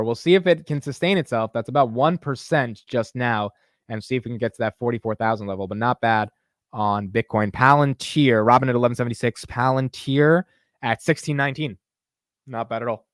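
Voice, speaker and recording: Man, casual live market host, animated, chatty, mid-pitched voice, dry sound. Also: no room sound. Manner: animated and chatty, reads chat aloud, laughs easily. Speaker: stock market livestream host.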